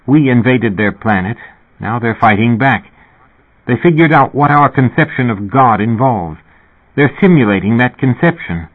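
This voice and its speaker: A man's voice: mid-range voice, expressive, moderate pace, lightly acted. A man reading the inner thoughts of a sickly pregnant woman in a sardonic, wry monologue. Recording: narrow, phone-like sound.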